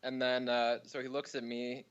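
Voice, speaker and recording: A young man calling in to a radio show, telling a long story in a rambling, deadpan way with many fillers. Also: medium pitch, moderate pace, clear, resonant tone, lo-fi sound. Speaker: caller. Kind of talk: prank story told over the phone.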